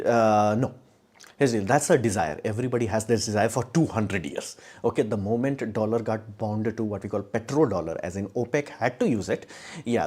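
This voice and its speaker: A man on the low side of pitch, with a darkish tone, rambles through casual live-stream commentary with many restarts. Blunt and sarcastic, he mocks views in put-on quotes.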